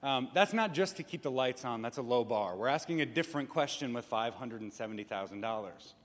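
A man's voice: mid-range voice, lively intonation, brisk. A man speaking as a pastor to his church, playful and acting out little voices to make his points. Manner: playful, acts out voices for effect. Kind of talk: church announcement talk. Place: church sanctuary. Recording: long reverb in a large room.

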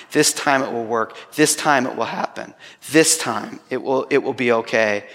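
A man's voice: mid-range voice, fairly bright tone, in a large hall. A man preaching a sermon, retelling a story with humor and then turning earnest. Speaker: pastor.

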